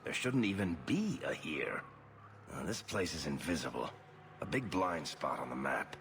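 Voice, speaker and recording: A man's voice: very deep voice, big pitch swings, normal speed, a bit bright, slight background noise, heavily acted. An actor playing a wry male dwarf storyteller in a fantasy game, dry and offhand.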